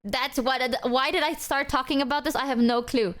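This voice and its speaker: A young woman streams and chats casually with her viewers, her voice sitting high. She rants in an animated way and swears freely as she talks. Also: normal speed.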